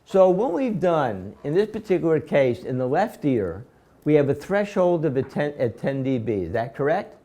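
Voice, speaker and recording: In this classroom lecture, a male instructor with a fairly high, warm voice moves at a moderate pace, his pitch swinging widely. He breaks a procedure down step by step, repeating his explanations and firing questions at the students again and again.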